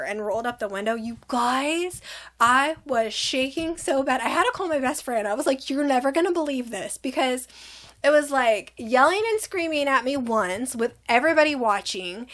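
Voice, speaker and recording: A woman's voice: on the high side, a bit bright. A young adult woman telling a storytime vlog to her viewers, retelling the argument with exasperation and quoted dialogue. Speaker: vlogger.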